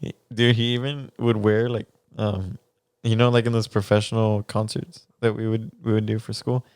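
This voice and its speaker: A man's voice: on the low side, little pitch movement, normal speed, a little mellow, clear, resonant tone, no room sound. A young man, co-hosting a podcast and telling a story in casual chat, laughing often and swearing casually. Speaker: podcast co-host.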